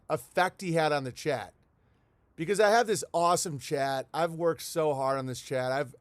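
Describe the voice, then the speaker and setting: Broadcasting casually from his home in the countryside, this livestream host rambles, curses, and reads out letters from viewers while talking to his chat. His voice is medium-pitched, clear, and resonant, with no room sound.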